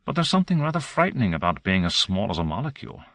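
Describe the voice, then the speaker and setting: A man's voice: on the low side, very animated, racing, a bit bright, dry recording. A man voicing an uneasy, apprehensive American male scientist who speaks hesitantly.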